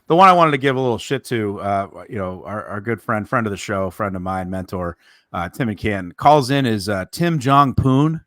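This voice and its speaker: A man's voice: lowish voice, expressive, moderate pace, fairly bright tone, no room sound, clean studio sound. Chatty man on a podcast. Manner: rambling, self-correcting storyteller. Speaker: podcast co-host. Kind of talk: casual podcast chat.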